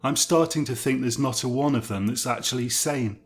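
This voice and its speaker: A man's voice: medium pitch, moderate pace, lightly acted. A man voicing a weary male science blogger with a dry, sarcastic manner.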